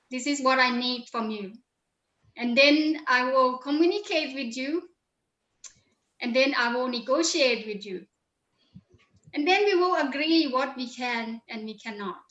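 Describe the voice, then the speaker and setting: A woman calmly explaining her orderly step-by-step approach on a panel. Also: high voice, a little slow, reverberant, muffled recording. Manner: calm, orderly, steps through a plan. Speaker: panel participant.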